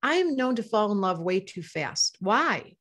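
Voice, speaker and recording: A woman's voice: mid-range voice, very animated, unhurried, a bit bright. An older woman teaching astrology to a live online audience, passionate and emotional, reading out chat comments as she talks.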